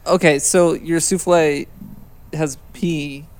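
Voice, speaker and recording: A man asking deadpan questions in an improvised comedy sketch. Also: on the high side, slow pace.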